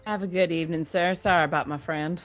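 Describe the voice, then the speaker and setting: A woman playing a tabletop game, talking in halting bursts with repeated words and laughs. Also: fairly low pitch, fairly even intonation, faint music behind. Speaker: player. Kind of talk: casual tabletop play.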